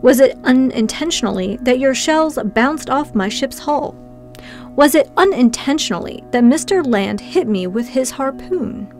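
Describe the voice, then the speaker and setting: A woman reads a commanding, aloof sea captain in an audiobook, his calm and penetrating words set out with crisp precision. The voice sits a little high and slow, with faint music underneath. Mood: controlled irritation. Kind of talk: audiobook character reading.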